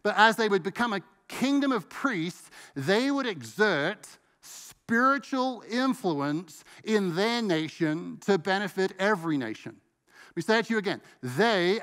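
A man preaching a sermon as pastor, emphatic and slowing down to stress key words. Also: high voice, a bit bright, clear, resonant tone, long reverb tail. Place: church sanctuary.

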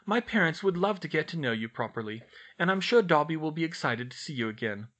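A man's voice: on the high side, expressive, fast talker, fairly bright tone, voice pushed up. A man reading out a letter in the voice of an earnest, caring schoolgirl. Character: bright, earnest schoolgirl witch.

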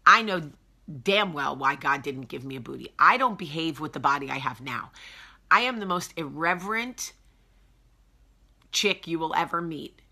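Woman host, forties, fairly low pitch but a vivid, forceful tone; chatty at-home live chat, calls out viewers by name. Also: lively intonation, normal speed. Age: 40s. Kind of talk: casual morning live chat.

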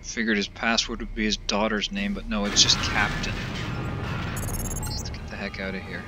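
A man's voice: lowish voice, little pitch movement, normal speed, loud music behind the voice. A man commenting grumpily over a let's play. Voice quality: grumbling, exasperated.

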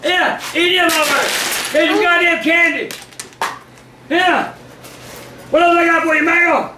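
An older man shouting insults in a profane, bellowing rant, recorded at home. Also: very high voice, measured pace, distant mic. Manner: foul-mouthed, bellowing, insulting. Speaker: family vlogger. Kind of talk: shouting family prank video. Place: house indoors. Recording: echoey room, camera mic from afar, background noise.

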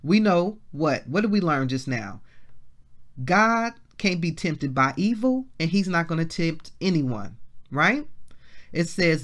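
A woman leading a devotional Bible lesson, reading scripture slowly and breaking into shouts of praise. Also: deep voice, lively intonation. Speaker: minister.

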